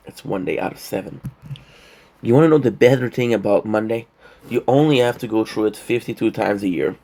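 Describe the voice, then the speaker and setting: A man's voice: lowish voice, moderate pace, darkish tone. A man vlogging to camera in a rambling, joking monologue, short on sleep. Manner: rambling, joking, playful asides. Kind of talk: casual vlog monologue to camera.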